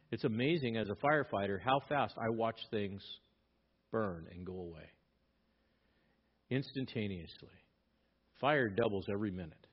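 A man's voice: on the low side, breathy edge. A male pastor preaching a sermon, reading scripture aloud and pressing his points with emphatic rises in volume. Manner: emphatic, rising in volume when stressing points. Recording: dull lo-fi sermon recording.

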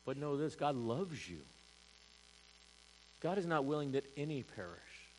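Male pastor, mid-pitched, dynamic sermon delivery, rhetorical questions, big shifts in volume. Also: very animated, measured pace, a little hiss or hum, rough recording. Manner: dynamic, swings from loud emphasis to hushed, rhetorical questions. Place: church service.

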